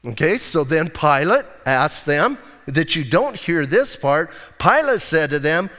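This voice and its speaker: Casual, animated pastor in a reverberant hall. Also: male voice, on the high side, a little slow, hardly any pauses. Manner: casual, animated Bible storytelling. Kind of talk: sermon. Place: church sanctuary.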